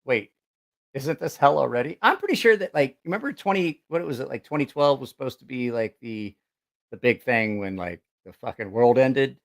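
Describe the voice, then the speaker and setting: A man's voice: medium pitch, animated, brisk, vocal fry. A man with an ordinary mid-range voice chats casually to his channel's viewers. He rambles and leans on fillers as he goes. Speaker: channel host. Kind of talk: casual chat.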